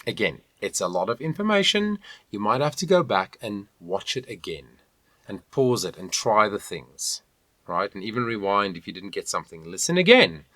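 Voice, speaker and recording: A man's voice: on the low side, big pitch swings, normal speed, pushed and bright, dry recording. A man teaching an online singing lesson, encouraging and demonstrating with hums and sung lines. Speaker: voice coach.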